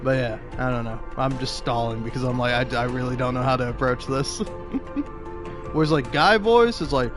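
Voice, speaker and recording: A man's voice: mid-range voice, normal speed, music in the background. A man in his twenties, a gaming streamer who chats casually, rambling and stammering and laughing often. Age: 20s. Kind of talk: casual chat while playing.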